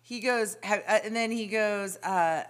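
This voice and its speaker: A middle-aged woman co-hosting a casual talk show, retelling a story in an animated way, acting out what others said, and giggling often. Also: medium pitch, unhurried. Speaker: co-host.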